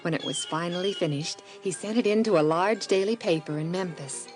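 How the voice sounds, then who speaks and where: A woman narrating a radio Bible story in a calm, measured way. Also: on the low side. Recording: music under the voice.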